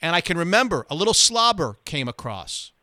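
A man hosting sports radio, telling a story in a lively, quick way. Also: on the high side, noisy background. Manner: animated, quick anecdote telling. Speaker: radio host.

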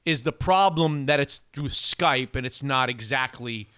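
A man co-hosting a casual podcast chat, getting animated and rising high when he vents. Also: unhurried, smooth. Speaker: podcast co-host.

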